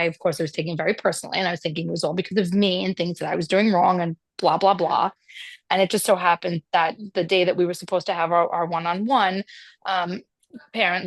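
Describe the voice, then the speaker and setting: A woman's voice: on the low side, no room sound. A woman who runs a homeschool center, candidly telling a rambling personal story on a group video call. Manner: candid, rambling, with self-deprecating laughs.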